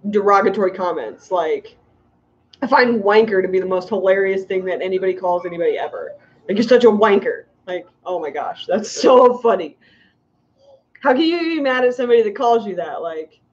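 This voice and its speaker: A middle-aged woman chatting casually on a livestream, rambling and giggling as she reads comments. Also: mid-range voice. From United States. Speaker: fishkeeping livestream host. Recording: muffled lo-fi stream audio.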